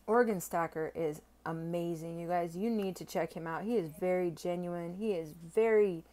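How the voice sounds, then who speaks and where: A young woman vlogging a casual unboxing, gushing and excitable, stammering and swearing when she is overwhelmed. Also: lowish voice, a little slow. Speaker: silver-stacking vlogger.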